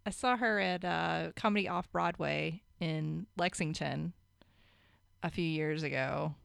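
Laid-back swearing podcast woman, slow talk. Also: sits low, vocal fry, fairly bright tone, clean tone, dry recording, clean studio sound. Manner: laughs often, swears casually. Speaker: podcast co-host. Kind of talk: casual chat.

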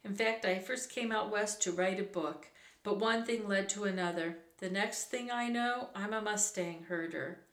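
A woman's voice: mid-range voice, normal speed, a bit bright, lightly acted. A woman reading aloud voices a friendly adult male cowboy who herds horses, speaking in an easygoing drawl with cowboy slang. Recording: roomy echo.

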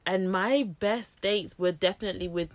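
A woman in her thirties talks casually in a mid-range voice. She reacts with quick exclamations and jokes along in conversation. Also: medium pitch. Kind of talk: casual chat.

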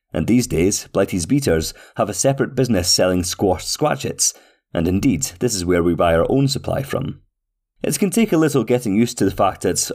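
A pompous restaurant manager reads his own letter in a man's voice, formal, flowery and overly courteous. The voice sits a little low. He keeps a steady storybook tone. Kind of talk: scripted reading of a letter.

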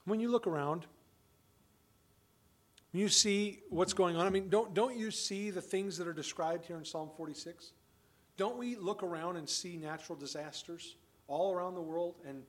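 Male pastor, high voice, emphatic sermon delivery with rhetorical questions. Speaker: father of children.

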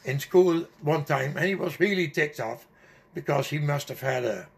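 Older man, slow halting storytelling, gravelly voice, somewhat high pitch. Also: a little hiss or hum. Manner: slow, halting, full of fillers and restarts. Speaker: interviewee. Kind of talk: personal storytelling.

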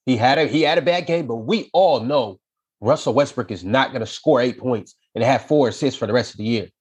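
A man's voice: medium pitch, brisk, a little mellow, slightly rough. A man on a sports debate show making a firm, dismissive case. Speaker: basketball debate co-host.

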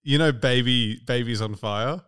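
A man's voice: medium pitch, moderate pace, a bit bright, clear, resonant tone. A man hosting a podcast in casual chat, chatty and laughing often, swearing freely. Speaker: podcast host.

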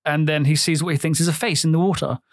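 A man's voice: a little high, fairly even intonation, fast, no echo, studio quality. A man with a British accent, co-hosting a podcast in casual chat, retelling film scenes and swearing freely. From Britain. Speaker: podcast co-host.

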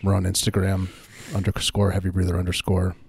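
A man co-hosting a podcast, chatting casually with wry, deadpan asides. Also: low-pitched, brisk, creaky, husky. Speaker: podcast co-host. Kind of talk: casual chat.

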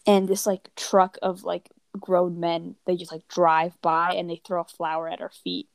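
A teenage girl from the United States tells casual travel stories, rambling, leaning heavily on "like," and acting out what people said. Her lowish voice has vocal fry, a level tone, and a measured pace, with no echo.

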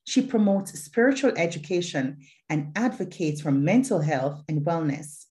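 A woman hosting a podcast, reading a formal guest introduction and asking questions in a measured, affirming way. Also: lowish voice, a little mellow. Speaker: podcast host. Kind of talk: podcast interview, read introduction.

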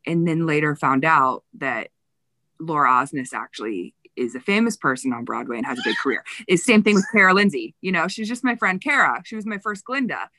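A woman's voice: low voice, animated, a little fast, pushed and bright, dry recording. A woman telling backstage stories in a casual interview, chatty and full of fillers, getting emotional. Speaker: Broadway dresser.

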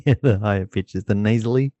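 A man's voice: mid-range voice, warm tone, no room sound, muffled recording. A middle-aged Australian man hosting a casual podcast, rambling with restarts and laughing often. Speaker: podcast host.

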